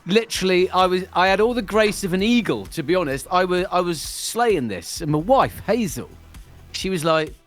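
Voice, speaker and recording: A man's voice: sits high, lively intonation, normal speed, fairly bright tone, soft background music. A man chatting casually on a live stream, telling a story with frequent laughs. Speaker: streamer co-host. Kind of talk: casual chat.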